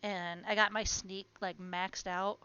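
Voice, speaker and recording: A woman's voice: medium pitch, little pitch movement, measured pace, sharp tone, smooth. A woman chatting casually on a live stream, talking to her plants and to her viewers at home. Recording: muffled lo-fi stream audio with faint noise.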